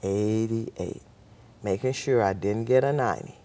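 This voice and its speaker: A woman's voice: rumbling low, lively intonation, measured pace, vocal fry, darkish tone. A woman telling her life story as a guest on a talk show, bringing in the voices of the people in her account. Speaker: nurse. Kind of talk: personal storytelling.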